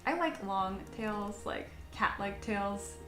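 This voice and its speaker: A woman's voice: medium pitch, takes it slowly, roomy sound, music in the background. A woman sculpting on a live stream, chatting casually with her viewers and reading their comments aloud, often poking fun at herself. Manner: chatty, self-deprecating, reads chat aloud.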